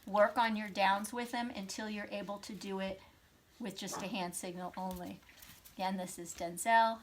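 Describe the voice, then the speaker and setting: A woman dog trainer demonstrating, mixing quick commands to her dog with upbeat explanation. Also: mid-range voice, steady tone, a little hiss or hum.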